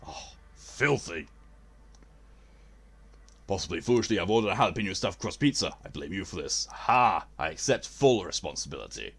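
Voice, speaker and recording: Casting: low-voiced male streamer, theatrical and expressive. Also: fast talker, hardly any pauses. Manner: theatrical, posh-leaning delivery. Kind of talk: casual live game stream chat.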